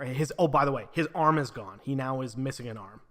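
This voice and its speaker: A man's voice: medium pitch, brisk. A man giving a casual spoken book review, retelling the plot with frequent swearing and lots of filler words.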